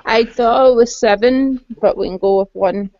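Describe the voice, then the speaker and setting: A woman's voice: a little high, moderate pace, dry recording. A woman playing a tabletop game over voice chat, plainly describing her character's actions. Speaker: player. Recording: dry lo-fi voice chat audio.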